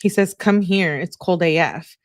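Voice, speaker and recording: A woman's voice: on the low side, a little slow, no room sound, clean studio sound. A woman hosting a true-crime channel, reading text messages aloud and adding chatty asides between the lines.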